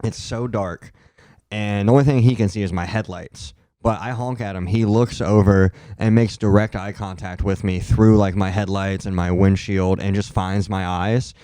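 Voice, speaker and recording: A man's voice: lowish voice, steady tone, normal speed, mellow, dry recording. A young man from Ohio, a comedian guest, telling stories in a laid-back way, laughing and swearing freely. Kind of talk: casual storytelling chat.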